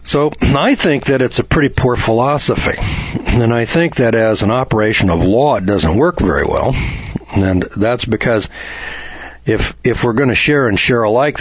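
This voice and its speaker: A man's voice: mid-range voice, slightly rough, no room sound. A man from the United States giving a folksy, argumentative lecture on law, acting out little dialogues as he goes. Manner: homespun, argumentative, acts out dialogue. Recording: dull dry lo-fi recording.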